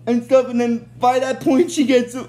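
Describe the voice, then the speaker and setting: A woman's voice: fairly high pitch, level tone, moderate pace, dark tone. A woman casually recapping a TV episode in a rambling way, full of fillers and restarts. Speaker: show recap host.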